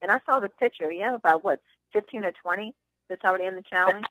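A woman's voice: medium pitch, fast talker, fairly bright tone, no room sound. A woman hosting a conference call, telling chatty stories and giving upbeat sales encouragement over a phone line. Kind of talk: motivational sales talk with anecdotes.

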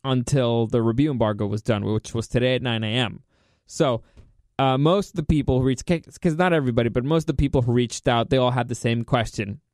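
Excitable man hosting a film review. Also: mid-range voice, fairly quick, dry recording, clean studio sound. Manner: excitable, repeats himself for emphasis. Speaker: movie review host. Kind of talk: casual spoken film review.

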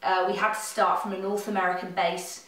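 A woman's voice: mid-range voice, level tone, brisk, fairly bright tone, slight background noise. An earnest woman from a stage cast explains things in an interview. She sits well back from the mic. The room around her rings with a heavy echo. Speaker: musical theatre cast member. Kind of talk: remote interview answer. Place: home during lockdown. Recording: very echoey, distant from mic.

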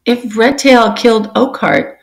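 A woman's voice: fairly high pitch, steady tone, measured pace, vocal fry, voice pushed up. A woman voicing a worried young male cat hissing his suspicions in a storybook reading. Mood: urgent hushed. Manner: urgent, whispering.

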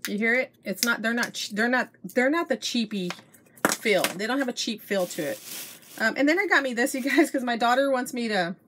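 A woman's voice: fairly high pitch, expressive, brisk, noisy background. A middle-aged woman, gushing over her shopping finds to her viewers in casual show-and-tell chat. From Texas. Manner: chatty, gushing, addresses viewers as you guys. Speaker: haul vlogger.

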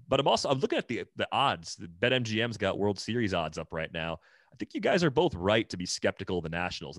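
A man with a voice on the low side co-hosts a podcast, recorded clean in a studio with no echo. He talks through baseball casually and analytically, thinking aloud with many "like"s and restarts.

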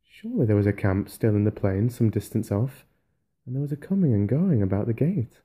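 A man reading an audiobook softly for sleep, in a calm, even way. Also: fairly low pitch, fairly quick, breathy edge. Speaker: audiobook narrator.

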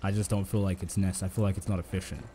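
Low mellow guy streaming a game, jokey rambling chat, a bit of fan hum behind. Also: flat delivery, fast. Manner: chatty and jokey, talking to himself and to chat. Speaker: gaming streamer. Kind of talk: casual live-stream commentary.

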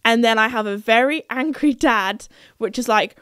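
Young woman, podcast host, higher voice, chatty, playful storyteller. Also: moderate pace, fairly bright tone, smooth, dry recording, clean studio sound. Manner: chatty and playful, laughing at her own story.

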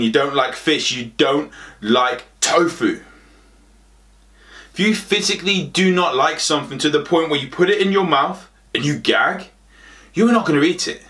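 A man coaching on health, speaking in an emphatic, direct way that drives each point home by repeating it. His voice sits a little higher than most men's. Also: fairly bright tone. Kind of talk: motivational talk to camera.

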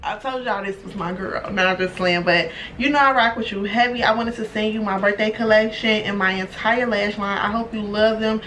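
Excitable young woman, slangy, off-mic. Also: mid-range voice, brisk, few pauses. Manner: chatty, excitable, slangy, swears casually. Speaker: beauty vlogger. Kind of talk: casual unboxing chat. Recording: distant mic with background noise.

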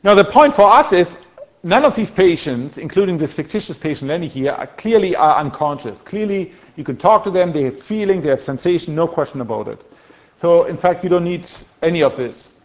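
A man's voice: a little high, expressive, fairly quick, muffled recording. A man giving a university lecture in a conversational way, with many restarts and fillers as he corrects himself. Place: lecture hall.

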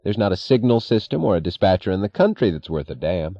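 A man's voice: low-pitched, big pitch swings, fast talker, dry recording, highs cut off, heavily acted. A man reading the part of a condescending train passenger who lectures in a patronizing tone.

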